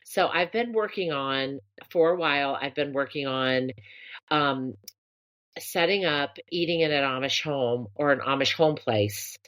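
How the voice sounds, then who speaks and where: A woman's voice: low voice, unhurried, a bit bright. A woman co-hosting a podcast, chatting casually and telling a story with gushing enthusiasm. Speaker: podcast co-host. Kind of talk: casual chat.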